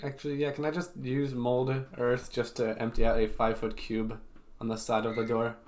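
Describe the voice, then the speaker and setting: Tabletop player, casual, reads out rules, mid-pitched voice. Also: level tone, moderate pace, darkish tone. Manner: reads spell rules aloud, plans moves.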